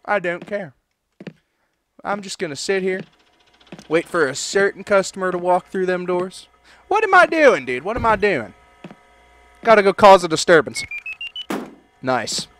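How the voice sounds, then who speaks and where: A man doing let's play commentary, loud and joking, swearing and talking back to game characters. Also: sits high, very animated, moderate pace, long pauses, a little hiss or hum. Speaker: gaming video creator.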